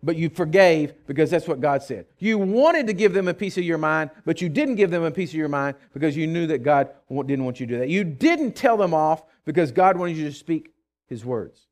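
A man preaches a sermon in a slightly raised pitch. He tells his stories with emphasis, moving between loud, declaring bursts and softer asides. He often stumbles and restarts his words. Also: animated, brisk. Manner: frequent stammered restarts. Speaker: pastor.

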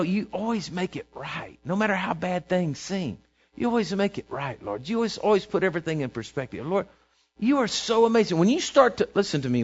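Preacher guy, lively sing-song delivery, talks right to the crowd, goes soft n quiet for prayers, kinda muffled recording. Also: fairly high pitch. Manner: conversational, checks in with listeners, shifts to soft quiet voice for prayers. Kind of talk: sermon. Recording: dull lo-fi recording.

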